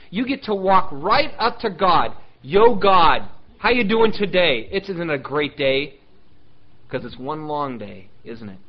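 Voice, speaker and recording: A male pastor preaching a sermon, animated and emphatic, dropping now and then to soft, intimate asides. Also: on the high side, lo-fi sound.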